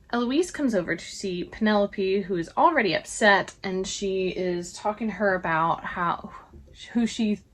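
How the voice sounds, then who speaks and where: Young woman, vlogger, casual recap, chatty, filler words. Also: mid-range voice. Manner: chatty retelling with frequent "like".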